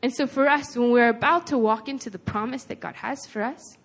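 A woman's voice: on the high side, brisk. A woman preaching a sermon in an earnest, conversational way, retelling a scripture story with lots of casual "like"s.

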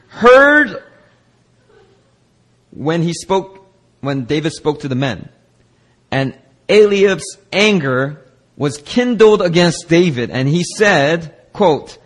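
Preaching man, slightly high voice. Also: fairly bright tone. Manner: preaching with scripture reading and acted family voices. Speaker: pastor. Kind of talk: sermon. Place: church service.

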